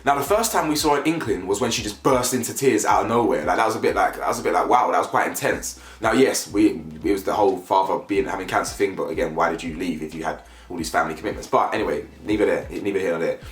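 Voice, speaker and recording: A man giving casual, animated commentary as a reality TV reviewer, often repeating himself and asking "you know what I'm saying". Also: low voice, quick pace, hardly any pauses. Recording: echoey room with faint music.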